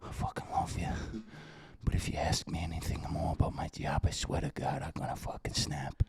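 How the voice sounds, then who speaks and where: A man playing a stressed, volatile detective husband, swinging between yelling at his wife and whispered apologies. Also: sits low, normal speed, gravelly, noisy background, pitched below the performer's own voice. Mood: hushed. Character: stressed middle-aged male cop, volatile.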